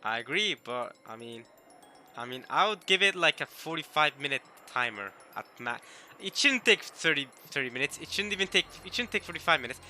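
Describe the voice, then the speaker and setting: A man's voice: on the high side, brisk, a little hiss or hum, poor audio. A man giving casual, joking commentary while playing a visual novel, often repeating and correcting himself. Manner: animated, joking, self-interrupting. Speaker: video game streamer. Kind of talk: casual let's-play commentary.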